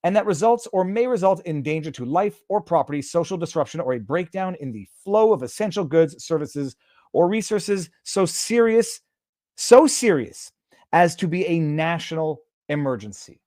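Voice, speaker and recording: A man hosts a casual live stream, reading text aloud and translating it on the fly. His voice sits slightly high and his delivery is sarcastic. The sound is close and dry. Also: lively intonation, moderate pace, a little mellow, no echo. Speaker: host.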